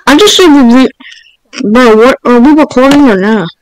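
A man's voice: extremely high pitch, moderate pace, slight background noise, poor audio. A male podcast co-host chatting casually, joking around and rambling. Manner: goofy, joking, rambling with lots of "bro" and "like". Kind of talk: casual chat.

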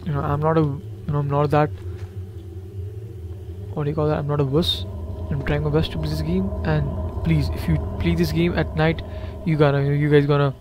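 A man's voice: a little high, flat delivery, normal speed, noisy background. Jittery man nervously narrating a horror game. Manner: jittery, repeats himself, talks to viewers. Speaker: gameplay commentator.

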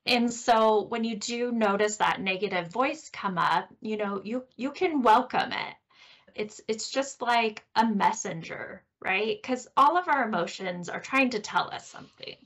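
A woman hosting a podcast, teaching a course session in a gentle, explaining way with frequent tag questions. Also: a little high, expressive, measured pace. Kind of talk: teaching a recorded course talk.

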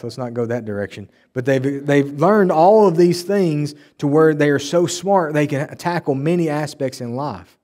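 A male pastor delivering an emphatic, animated sermon in a church and acting out the people he quotes. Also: fairly high pitch. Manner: emphatic, animated preaching with mocking quoted voices. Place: church sanctuary.

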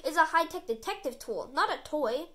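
A woman's voice: sits high, animated, normal speed, a bit bright, voice pushed up. A woman reading a storybook aloud, voicing a serious, exasperated detective man in a firm, emphatic voice. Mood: stern.

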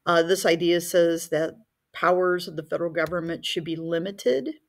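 Chatty woman teaching, lower voice. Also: fairly even intonation, moderate pace. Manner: conversational, lots of fillers. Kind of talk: recorded history lecture.

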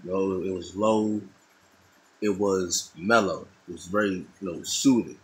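A man's voice: low voice, steady tone, unhurried, rough recording. A middle-aged man talking casually and thoughtfully, often repeating and restarting his phrases. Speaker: artist talking while drawing. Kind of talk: casual monologue.

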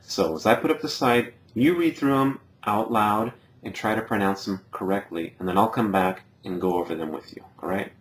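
A man teaching a slide-based video lesson, patiently explaining and repeating each example word slowly. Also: fairly low pitch, a little hiss or hum. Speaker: Spanish teacher.

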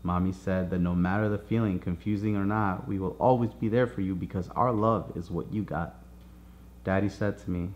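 A man reading his own children's book aloud in a soft, reassuring storybook manner. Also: deep voice, steady tone, normal speed, dull audio.

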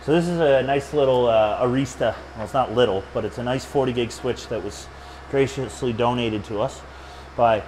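Brief: male tech presenter, mid-pitched, casual and jokey, rambling asides, faint lab hum. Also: normal speed, darkish tone, poor audio. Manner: joking, chatty, rambling asides. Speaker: storage engineer presenting a build. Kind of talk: casual hands-on tech demo. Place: server lab.

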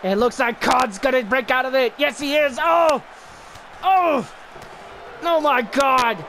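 A man giving excited play-by-play commentary on a wrestling video game match, often shouting and exclaiming. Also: very high-pitched, slow pace. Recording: noticeable background noise.

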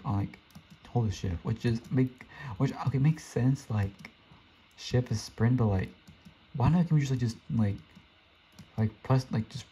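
A young man streams a game, rambling casually and often talking to himself in frustration. His voice sits in the mid range with a dark tone. The dull lo-fi mic carries a faint hiss.

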